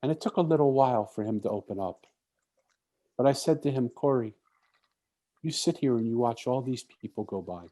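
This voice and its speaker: A man's voice: medium pitch, animated, fairly quick, long pauses, dark tone. A man giving an inspirational talk at a conference, telling a story and acting out what the people in it said. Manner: storytelling, acts out quoted speech. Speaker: speaker.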